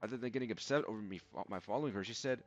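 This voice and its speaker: A man's voice: on the low side, very fast, lightly acted. A man voicing a worried middle-aged mother who pleads for help. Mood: pleading. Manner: pleading, anxious, raised voice. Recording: dull lo-fi audio with game music.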